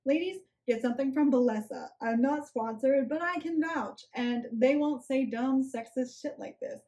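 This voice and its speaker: A woman's voice: high-pitched, moderate pace, warm tone. A young woman giving a sarcastic, casual rant review of a book, with snarky asides.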